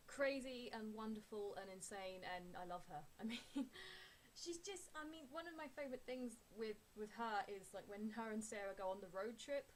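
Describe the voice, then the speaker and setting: A woman's voice: mid-range voice, slight background noise. A young woman vlogging in a casual, rambling way, full of fillers and restarts. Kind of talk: casual chat.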